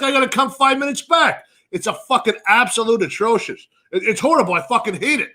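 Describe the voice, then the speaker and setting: A Canadian man co-hosting a podcast, rambling and swearing loudly through casual banter. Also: high-pitched. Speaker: podcast co-host. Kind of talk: casual profane chat.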